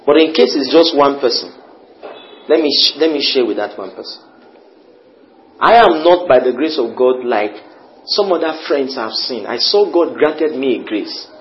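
Brief: male preacher, lively swooping delivery, muffled lo-fi recording with faint room noise. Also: medium pitch, normal speed. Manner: animated, rising to near-shouts. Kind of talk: sermon with altar call.

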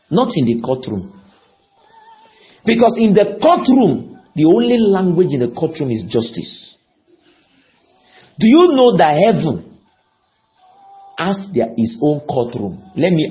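Preacher guy, slow and pleading, big swoopy pitch, kinda muffled sound. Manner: pleading, rises on key words then drops low; repeats and asks the audience questions. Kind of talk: sermon.

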